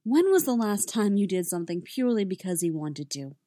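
Woman voicing a gentle, coaxing young woman. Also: medium pitch, sing-song, a little fast, no echo, studio quality, close to an everyday voice. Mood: probing.

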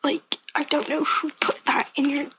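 A woman's voice: high voice, level tone, normal speed, sharp tone, in a whisper, voice pushed up. Woman playing a defensive clever elf woman.

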